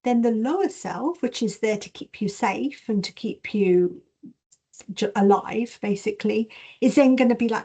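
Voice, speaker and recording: A woman leads an online masterclass in a fairly high voice. She talks in an animated way, reads chat questions aloud and acts out her inner voices as she teaches. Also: unhurried, slightly rough. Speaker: intuition and Reiki teacher.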